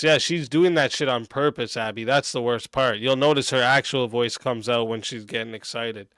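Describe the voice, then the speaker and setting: A man's voice: mid-range voice, normal speed, few pauses, bright, forceful tone, clean tone, no room sound. A man doing profane reaction commentary on a clip, mocking and blunt, swearing freely.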